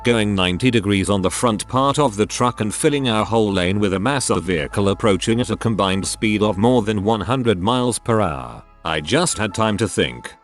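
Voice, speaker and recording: Lively low-voiced male story narrator. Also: normal speed, few pauses, soft background music. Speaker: narrator of reader-submitted stories. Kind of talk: scripted narration.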